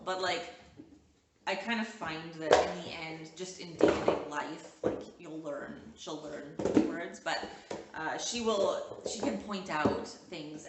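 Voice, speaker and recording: A young woman from Canada chats to the camera about home life in a loose, rambling way, dropping "like" into nearly every sentence. Her voice sits a bit low. The sound is roomy, with the mic set back from her and a faint hiss behind. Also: far from the mic. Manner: rambling, many "like" fillers, coos to her child. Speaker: mom vlogger. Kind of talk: casual chat to camera with her toddler. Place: home room.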